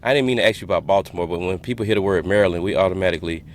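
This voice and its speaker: Man, podcast host, low voice, laid-back joking delivery, faint hiss behind. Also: rapid-fire. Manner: loose, joking, trails off into asides. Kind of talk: casual interview chat.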